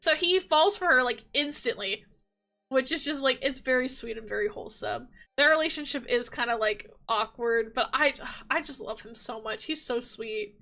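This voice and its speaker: A woman's voice: sits high, moderate pace, bright, forceful tone. A woman chatting casually as a gaming vlogger, gushing and rambling with lots of fillers. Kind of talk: casual chat.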